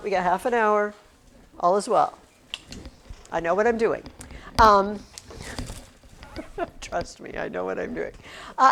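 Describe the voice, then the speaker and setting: A woman's voice: mid-range voice, vocal fry. A woman teacher talking to her class in a chatty, rambling way, often breaking off mid-sentence. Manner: chatty, rambling, self-interrupting.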